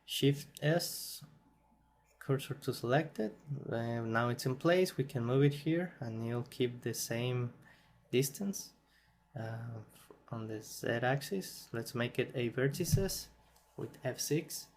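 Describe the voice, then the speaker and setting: Man not a native english speaker doing a screen tutorial, slow and tired, mid pitch, mutters and fixes himself as he goes. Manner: slow, thinking aloud, self-correcting, laughs at himself. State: yawning, tired. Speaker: tutorial host. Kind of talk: screen-recorded software tutorial.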